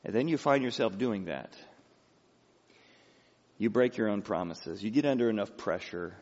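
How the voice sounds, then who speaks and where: Lively, dramatic male preacher. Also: lowish voice, moderate pace, long reverb tail, dull audio. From Illinois, USA. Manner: dramatic storytelling, lively voice work. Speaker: pastor. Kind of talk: expository sermon.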